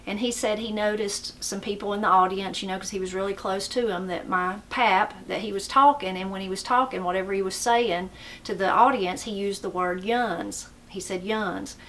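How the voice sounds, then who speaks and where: A woman's voice: mid-range voice, brisk, a little hiss or hum. Folksy Appalachian woman telling stories. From western North Carolina mountains. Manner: folksy, rambling, animated when quoting. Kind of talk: casual storytelling.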